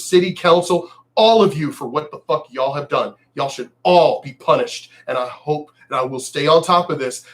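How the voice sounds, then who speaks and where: Male vlogger, high voice, angry swearing rant, mocking and emphatic. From El Paso, Texas. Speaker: vlogger ranting on news. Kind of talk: profane political rant.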